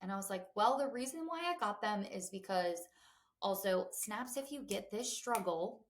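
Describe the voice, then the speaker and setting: A woman. She's candid and chatty, tossing in fillers and side remarks, in a voice of ordinary pitch for a woman. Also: lively intonation, normal speed. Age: 20s. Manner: chatty and candid, lots of fillers and asides to listeners. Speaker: podcast host. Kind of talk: casual chat.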